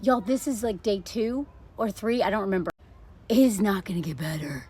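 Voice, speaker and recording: A woman's voice: medium pitch, normal speed, dark tone, slightly rough. A woman in her thirties giving casual, blunt and sarcastic commentary on a dating show. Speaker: social media commentator.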